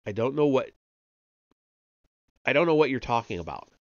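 A man's voice: mid-range voice, big pitch swings, normal speed, no room sound, dull audio, voice pushed up. A man voicing a young female Sith student, curt and defensive in a raised, strained voice. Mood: tense, curt.

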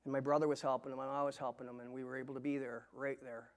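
Rapid-fire and level in tone, this middle-aged man's mid-range voice carries his personal testimony as a guest preacher in a church sanctuary. He speaks earnestly, repeatedly faltering and starting his sentences over.

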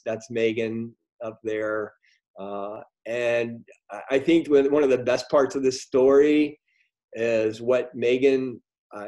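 A middle-aged man telling a story on a video call, halting, with many ums and restarts. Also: medium pitch, warm tone. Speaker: guest speaker. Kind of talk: storytelling talk in a virtual meeting.

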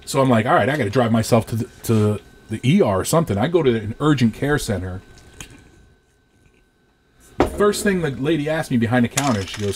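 A man in his thirties from Rhode Island, co-hosting a podcast and telling a profane, animated story in casual chat. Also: mid-range voice, quick pace, noisy background. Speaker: podcast co-host.

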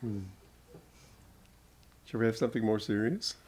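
A man's voice: fairly low pitch, a little mellow, slight background noise. An older American man, a spiritual teacher, giving an informal talk to an audience, telling stories and laughing often as he goes. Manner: slow, chuckling storyteller.

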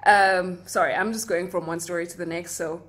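A woman's voice: lowish voice, steady tone, brisk, a bit bright. A young South African woman, a flight attendant, telling stories from her workday in a chatty, giggly way, full of likes and asides. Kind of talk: casual chat.

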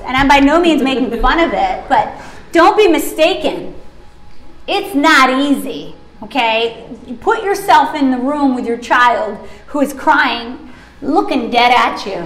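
A woman's voice: high voice, a bit bright, roomy sound. A woman sleep consultant teaching a workshop, chatty and emphatic, acting out babies and parents as she explains.

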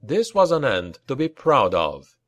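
Slow, lively-voiced male audiobook narrator. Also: medium pitch, dry recording. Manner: slow, deliberate reading with lively acted dialogue.

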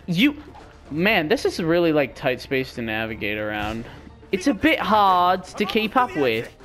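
Lively, rambling young gamer guy. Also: on the high side, a little slow, soft background music. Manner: rambling, self-mocking, bursts into goofy yelps. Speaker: gamer commentating his own play. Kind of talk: casual let's-play commentary.

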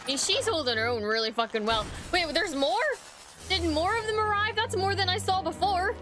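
A woman's voice: extremely high pitch, animated, normal speed, over music. A woman streamer reacting to a cartoon show, blurting exclamations and swearing casually. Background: show soundtrack playing.

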